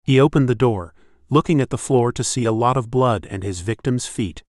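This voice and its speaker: A man reading an audiobook in scripted narration, steady and measured. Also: medium pitch, no room sound, clean studio sound.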